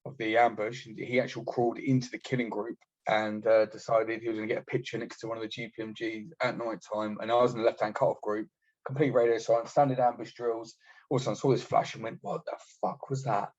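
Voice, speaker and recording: A lower-voiced British man recounting his army days as a podcast guest, blunt and full of swearing. He slips into quoting other people as he goes. The sound is dull and lo-fi. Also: little pitch movement, fast talker, darkish tone. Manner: blunt, sweary storyteller acting out quotes. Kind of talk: casual war story telling.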